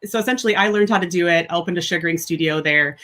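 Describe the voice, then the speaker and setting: A woman in her thirties with a Midwestern American accent talks in a lower register as an interview guest. She is chatty, laughs easily and pads her speech with fillers. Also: fast, fairly bright tone. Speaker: guest, sugaring instructor. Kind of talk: casual interview chat.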